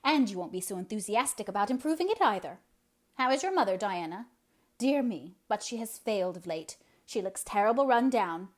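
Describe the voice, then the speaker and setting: A woman's voice: mid-range voice, expressive, a little fast, lightly acted. A woman reading aloud, voicing a grim, sour spinster in her late fifties who speaks with contempt. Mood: scornful. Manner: scornful, contemptuous.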